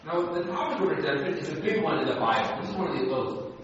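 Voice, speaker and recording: A man preaching a sermon, deliberate and emphatic, stressing key words. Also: fairly high pitch, animated. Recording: echoey hall, distant, dull sound.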